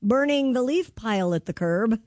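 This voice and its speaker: A woman's voice: on the high side, animated, normal speed, a little mellow, no echo. A woman co-hosting a casual radio show, chatting and reading out short news items. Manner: chatty, reads items aloud.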